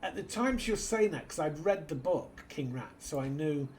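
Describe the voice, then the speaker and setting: A man's voice: a little high, expressive, moderate pace, a little mellow, slight background noise. A British man hosting a casual let's-play, rambling through an anecdote and muttering to himself as he plays. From Britain. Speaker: gaming channel host.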